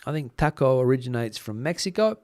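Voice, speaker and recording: A man's voice: medium pitch, big pitch swings, a little fast, darkish tone, no echo, clean studio sound. A middle-aged man with an Australian accent, casually chatting on a live stream, rambling with plenty of fillers and restarts. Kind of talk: casual live-stream chat reading comments.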